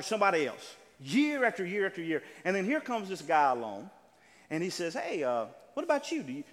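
A man preaching a sermon in a church, acting out voices as he goes. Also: fairly high pitch. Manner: animated preaching, acts out voices. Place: church sanctuary. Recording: long reverb of a large hall.

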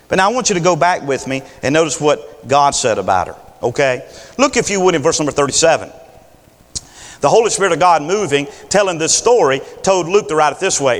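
A man preaching a sermon with lively delivery, acting out the voices of biblical figures. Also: a little high, brisk, long reverb tail.

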